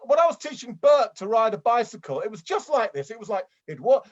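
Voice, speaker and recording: A man playing a fussy stamp-club member in an improvised comedy scene, rambling and chiding, with excitable outbursts. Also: very high voice, fairly quick, lo-fi sound, full character voice. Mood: excited. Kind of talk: improvised comedy scene over video call.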